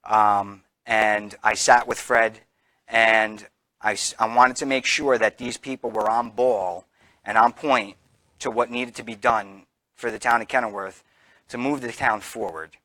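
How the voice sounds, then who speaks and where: A man from New Jersey giving an earnest campaign speech to a local gathering, halting often with fillers and restarts. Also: on the low side, steady tone, pushed and bright, no room sound. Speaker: political candidate.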